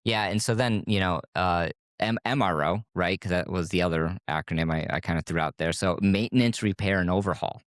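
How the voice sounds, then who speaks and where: A man's voice: sits low, fairly quick, hardly any pauses, no room sound, clean studio sound. A man from West Michigan, co-hosting a podcast, explaining in casual chat with lots of "right?" tag questions. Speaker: podcast co-host.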